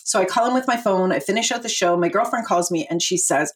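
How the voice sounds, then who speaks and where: A middle-aged woman telling her life story as a podcast guest, animated and laughing often as she acts out what she and others said. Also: medium pitch, fast talker, slight background noise. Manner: animated, laughs often, quotes herself in voices.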